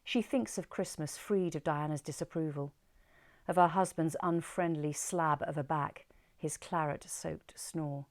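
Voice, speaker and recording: Storytime host, woman, lowish voice, calm and gentle delivery. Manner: gentle, unhurried, soft sign-off. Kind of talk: reading a short story aloud.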